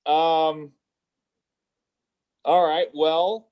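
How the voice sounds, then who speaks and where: Male stand-up comic on a video call; high voice, halting delivery, lots of ums. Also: little pitch movement, a little mellow, clean tone. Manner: halting, stammering delivery with many fillers. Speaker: stand-up comedian. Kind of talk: stand-up set on a virtual show. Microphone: computer mic on a video call.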